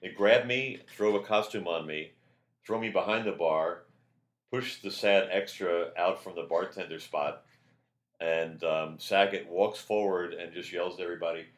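A man, a comedian guest, telling stories in casual chat with a loud, projecting, animated delivery. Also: low voice, moderate pace.

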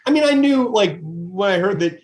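A man's voice: sits high, animated, normal speed. A man hosting a podcast interview, chatting casually and rambling with frequent laughs. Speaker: podcast host.

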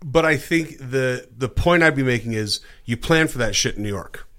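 A male co-host in loose podcast chat. His voice is mid-pitched with a bright, forceful edge. He argues his points emphatically and drops crude jokes along the way. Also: animated, moderate pace. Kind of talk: casual podcast banter.

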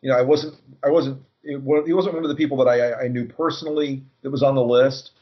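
A man's voice: medium pitch, fairly even intonation, quick pace. Sardonic man on a dull lo-fi line. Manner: sardonic, many false starts. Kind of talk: casual political discussion. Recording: dull lo-fi sound.

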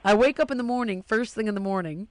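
A woman's voice: medium pitch, fast. A woman in casual chat, telling a long story and acting out the voices of the people in it.

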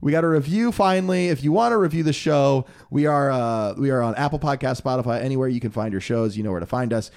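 A young man co-hosting a casual podcast, slightly hoarse, upbeat, laughing often and repeating his lines. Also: mid-range voice, quick pace, few pauses, darkish tone. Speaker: podcast co-host. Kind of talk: casual chat.

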